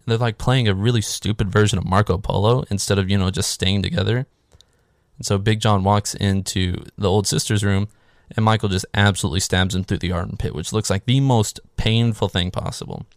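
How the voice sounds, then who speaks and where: Sarcastic low-voiced man recapping a film. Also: fairly even intonation, brisk, vocal fry, dry recording, clean studio sound. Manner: sarcastic, swears freely, filler "like". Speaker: movie recap host. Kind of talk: casual comedic movie recap.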